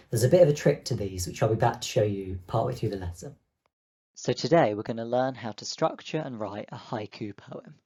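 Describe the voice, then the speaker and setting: Young man, teacher, online lesson for kids, clear encouraging step-by-step delivery, mid pitch, dry recording. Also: warm tone, no room sound. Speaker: primary school teacher.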